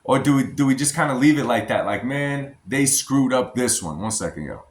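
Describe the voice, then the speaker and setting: A man's voice: mid-range voice, animated, a little fast, echoey room, slight background noise. An American man giving a casual, emphatic opinion vlog as a boxing commentator, often addressing his viewers as y'all. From United States.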